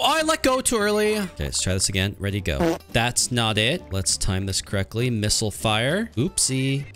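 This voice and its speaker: A man's voice: mid-range voice, a bit bright. A young man giving sarcastic, jumpy commentary while playing a mobile game, mocking himself and the ads. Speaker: gaming YouTuber.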